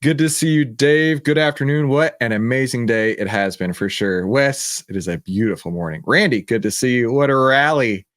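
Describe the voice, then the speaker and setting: A middle-aged man hosts a livestream in an excited, chatty way and reads viewer comments aloud. His voice sits in a middle pitch range. The recording is dry and close-miked, with no room sound. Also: normal speed, few pauses, dry recording. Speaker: show host.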